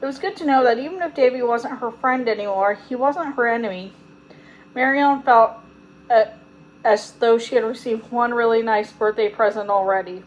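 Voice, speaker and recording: A woman reading a children's chapter book aloud in a gentle, steady storytelling manner. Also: on the high side, dull audio, a little hiss or hum. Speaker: storybook reader.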